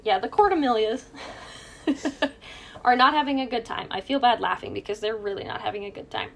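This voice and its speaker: A woman's voice: fairly high pitch, a little fast, vocal fry, fairly bright tone. A woman co-hosting a true crime podcast, chatting casually, joking and laughing at her own asides. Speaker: podcast co-host.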